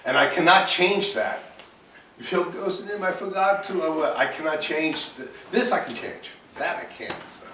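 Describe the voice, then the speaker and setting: A man's voice: a little high, expressive, normal speed. A man teaching a cooking class to students, repeating himself and restarting his sentences, with the odd bold exclamation. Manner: repetitive, restarts often, switches to bold exclamations. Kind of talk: classroom lecture. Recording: echoey classroom, distant mic, faint hiss.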